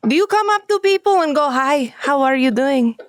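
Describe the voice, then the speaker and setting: A woman's voice: sits high, animated, normal speed. A woman voicing a stern, scolding Russian woman character with a heavy Russian accent, speaking in clipped lines.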